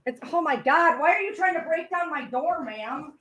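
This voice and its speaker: A woman chatting casually on a livestream, animated, swearing freely and often breaking into laughter as she talks back to viewers. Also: sits high, normal speed. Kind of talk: casual live commentary.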